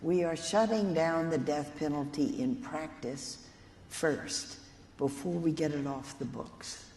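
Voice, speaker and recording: A woman's voice: deep voice, warm tone. Earnest woman speaking in an echoey hall. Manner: earnest storytelling, addresses lawyers directly. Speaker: nun and keynote speaker. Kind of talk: conference keynote speech. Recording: echoey hall, faint room noise.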